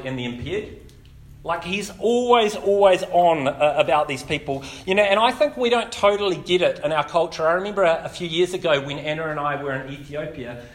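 Chatty New man preaching, higher voice. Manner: relaxed, chatty, with frequent fillers. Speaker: pastor. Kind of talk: casual sermon.

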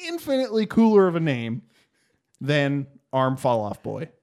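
A man co-hosting a casual podcast chat, joking and animated. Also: on the high side, normal speed. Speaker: podcast co-host.

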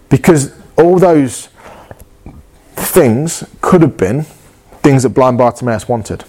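A man's voice: medium pitch, lively intonation, slow, warm tone, breathy edge. A man preaching a sermon in an earnest, passionate way, often repeating and restarting his phrases.

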